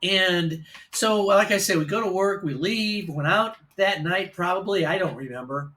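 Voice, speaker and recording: A man's voice: high-pitched, moderate pace, pushed and bright. An older man from Illinois telling a long personal story in a casual, rambling way, with profane asides. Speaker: vlogger and storyteller.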